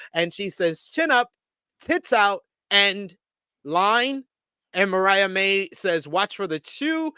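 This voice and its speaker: A man's voice: high-pitched, fairly bright tone, smooth, no room sound. A man co-hosting a casual wrestling review show, recapping segments and laughing often. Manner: recaps with quoted impressions and frequent laughter. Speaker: podcast co-host.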